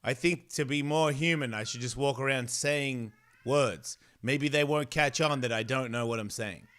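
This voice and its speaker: Guy doing his cat's inner voice, confused little chatterbox, smooth, pretty much his normal voice. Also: medium pitch, normal speed, a bit bright, natural voice. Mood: puzzled musing. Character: pet cat imagined talking, puzzled and chatty.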